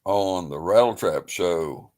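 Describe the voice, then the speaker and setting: A man putting on a game-show announcer voice, calling out contestants in loud, drawn-out shouts. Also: low voice. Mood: hyped.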